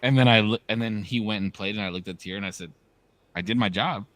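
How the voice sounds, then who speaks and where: Fairly low in pitch and quick in pace, this thirtysomething podcast co-host tells stories with animation. His chat is loose, full of slang and swearing.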